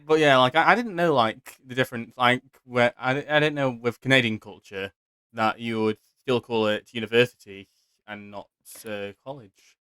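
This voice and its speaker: British guy, young, casual podcast host, smooth voice, dry close sound, laughs and restarts a lot. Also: mid-range voice, moderate pace, pushed and bright, dry recording. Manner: chatty, giggly, stammering restarts. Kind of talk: casual chat. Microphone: home microphone, strict settings.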